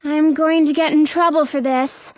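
A woman's voice: high-pitched, fairly even intonation, moderate pace, no room sound, voice pushed up, close to an everyday voice. A woman voicing a weary, guarded teenage girl. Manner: weary, wary.

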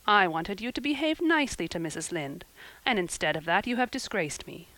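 A woman's voice: medium pitch, sing-song, a little fast, a bit bright, no room sound, low-quality recording. A woman doing a stern middle-aged guardian. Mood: reproving. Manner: stern, dry and reproving. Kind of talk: audiobook character reading.

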